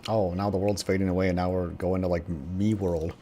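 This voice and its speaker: Excitable, swearing male streamer. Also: low voice, a little fast, faint music behind. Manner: excitable, swears a lot, reads game text aloud. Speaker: gaming streamer. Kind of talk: let's play commentary.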